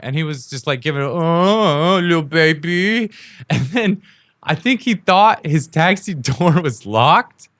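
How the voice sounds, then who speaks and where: A man's voice: medium pitch, fairly bright tone, no room sound. A man hosting his own show, telling a story in a loose, casual way and often laughing as he acts out the people in it. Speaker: podcast host.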